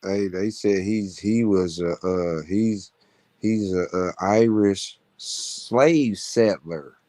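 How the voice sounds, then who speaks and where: A man's voice: sits low, slow, mellow, dry recording. A man guest in a casual chat, rambling loosely and often asking "you know what I mean".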